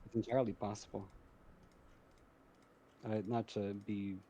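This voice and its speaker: A laid-back friend joining a live stream over a call, mostly answering with short reactions and easy laughter. The voice sounds dark and mellow, set at an average pitch, with a faint hiss behind it. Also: level tone, unhurried, lo-fi sound. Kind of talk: casual live-stream chat.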